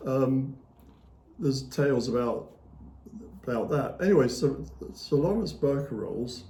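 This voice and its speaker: A man's voice: mid-range voice, animated, unhurried, warm tone. A male author talking as an interview guest, retelling history in a rambling, anecdotal way with many fillers and small chuckles. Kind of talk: casual storytelling conversation. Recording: echoey room.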